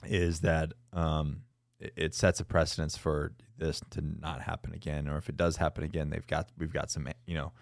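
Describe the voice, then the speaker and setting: A man with a very deep voice, chatting casually as a podcast host. He talks loosely with fillers and restarts. The sound is dry and close. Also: level tone, moderate pace, creaky, no room sound. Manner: conversational, with many fillers and restarts. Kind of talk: casual chat.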